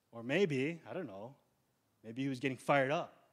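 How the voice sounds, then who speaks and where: A male pastor preaching a sermon in a conversational, urgent way, slowing down on key words. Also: medium pitch. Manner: conversational preaching, slows down for emphasis.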